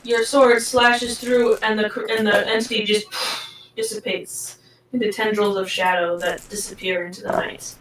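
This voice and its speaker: A woman narrating as game master of a tabletop game, giggly and quick to apologize. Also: mid-range voice, little pitch movement, far from the mic, noisy background. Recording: echoey room, off-mic.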